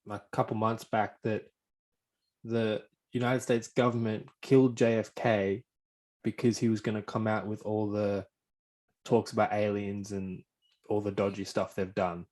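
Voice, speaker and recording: A man hosting a casual interview, easygoing and quick to laugh. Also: fairly low pitch, level tone, a little mellow. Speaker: interview host. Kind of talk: casual chat.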